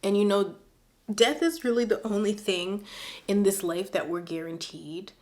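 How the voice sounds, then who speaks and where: Teary, expressive woman vlogger. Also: medium pitch, moderate pace. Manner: emotional, expressive, many fillers. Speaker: advice vlogger. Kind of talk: casual chat reading viewer letters.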